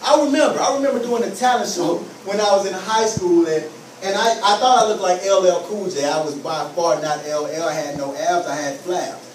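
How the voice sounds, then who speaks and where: Man, motivational speaker, high voice, emphatic and repetitive, distant mic, faint room noise. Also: brisk, reverberant. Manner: emphatic, repeating phrases, acts out scenes. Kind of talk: motivational talk to students.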